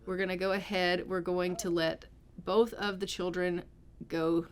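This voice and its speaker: A woman's voice: lowish voice, level tone, measured pace, a little hiss or hum. A woman casually narrating her gameplay, chatting away and voicing the characters' lines as she goes. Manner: chatty, voices the characters' lines in a running commentary. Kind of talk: casual let's-play narration.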